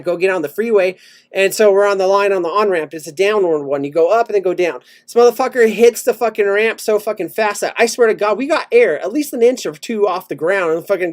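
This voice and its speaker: A man co-hosting a casual chat show, telling a long rambling story full of swearing and laughter. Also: high voice. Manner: profane, rambling, laughs often. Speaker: podcast co-host.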